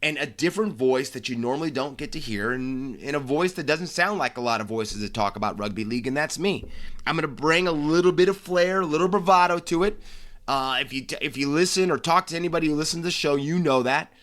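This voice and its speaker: A fairly high, slightly bright male voice talks fast as an American host of a solo sports podcast. He keeps it casual and brash, restarting his sentences often.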